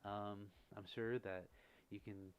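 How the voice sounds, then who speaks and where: A man with a slightly low voice hosts a relaxed ASMR livestream. He reads out viewer messages and answers each one gently. He talks close to the microphone. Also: takes it slowly, a little hiss or hum. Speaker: livestream host.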